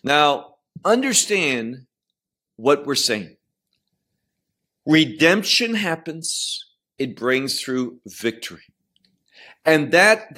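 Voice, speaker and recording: A man's voice: on the high side, bright, forceful tone. A man teaching verse by verse through scripture, stressing key words and putting questions to his listeners. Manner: slow, emphatic, questions to listeners. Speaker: Bible teacher.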